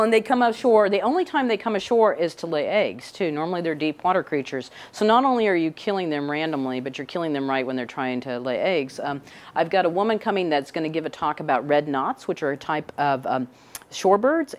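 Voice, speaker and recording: A woman's voice: deep voice, expressive, fairly quick. A middle-aged woman scientist giving a casual, chatty talk to young people indoors, often checking in with "right?". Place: indoor room with a couch.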